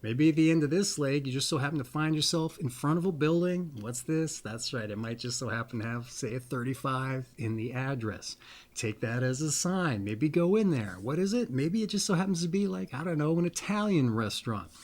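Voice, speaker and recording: A man's voice: on the high side, expressive, a little fast, a little mellow. A man hosting a casual monologue, rambling in a folksy way and repeating pet phrases. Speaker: astrology video host.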